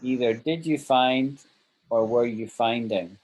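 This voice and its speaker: A man's voice: medium pitch, takes it slowly, a little mellow, poor audio. A man teaching an online English grammar lesson, patiently walking through example sentences and checking that his students follow.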